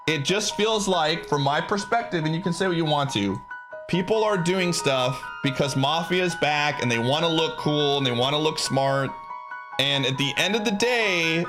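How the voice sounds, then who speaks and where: A man streaming live, ranting to his chat in a frustrated, emphatic, insistent way. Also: a little high.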